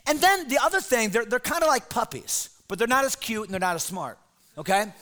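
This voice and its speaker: A middle-aged man preaching as a pastor, telling a comic story to teenagers with lively, shouted bits. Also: very high-pitched, fairly quick. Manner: animated storyteller, shouts put-on voices. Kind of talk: comic sermon to teens.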